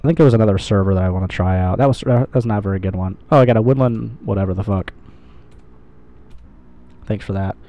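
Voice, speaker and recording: A man's voice: on the low side, quick pace, long pauses, mellow, dry recording. A man giving casual, rambling gameplay commentary, swearing and joking at himself as he plays. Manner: rambling, sweary, self-mocking. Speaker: gamer, channel host.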